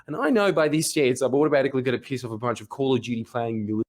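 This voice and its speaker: A man's voice: mid-range voice, rapid-fire, a little mellow. A man narrating a commentary video in a mocking, brash way.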